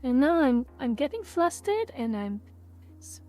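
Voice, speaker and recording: Exasperated woman streamer, warm tone. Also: high voice, sing-song, measured pace, soft background music. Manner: exasperated, repeats herself, rants aloud. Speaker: livestream host. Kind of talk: casual livestream chat.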